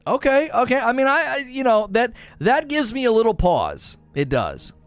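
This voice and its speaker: Animated, high-pitched male streamer. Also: normal speed, clear, resonant tone, dry recording, studio quality, soft background music. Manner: animated, laughs often, slips into playful character voices. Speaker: streamer answering chat. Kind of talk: casual live-stream chat.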